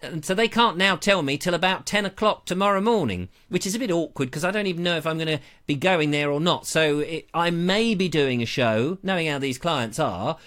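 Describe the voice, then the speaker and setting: A man's voice: a little high, brisk, hardly any pauses, fairly bright tone. A middle-aged man from England hosting a casual live-stream chat, rambling and joking at his own expense. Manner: rambling, jokey, self-mocking, slips into silly voices. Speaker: host of a live online show.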